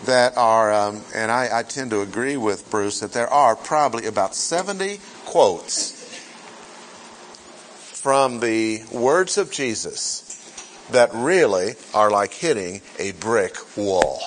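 Slow, deliberate preaching man. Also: fairly low pitch, animated, slight background noise. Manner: deliberate, repeats key phrases, asks rhetorical questions. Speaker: pastor teaching a Bible class. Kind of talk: sermon-style Bible teaching.

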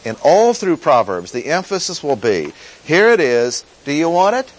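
A man teaching through a Bible passage in a sermon, deliberate and emphatic, repeating key phrases. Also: on the high side, wildly swooping pitch, rough recording. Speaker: pastor teaching.

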